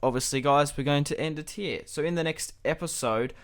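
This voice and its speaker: A man's voice: fairly high pitch, fairly quick. Chatty man commentating a strategy game. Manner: chatty and relaxed, thinking aloud, with light laughs. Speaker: channel host, gameplay commentator.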